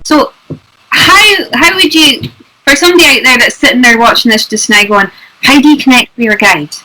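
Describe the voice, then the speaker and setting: A woman with a bright, somewhat high voice co-hosting a casual conversation. She asks questions and answers briefly. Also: moderate pace, low-quality recording. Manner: brief agreeing interjections. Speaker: co-host. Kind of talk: casual chat.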